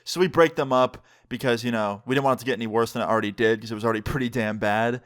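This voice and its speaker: A man's voice: medium pitch, racing. Casual young man telling a story. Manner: laid-back, slangy, animated storytelling. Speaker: vlogger.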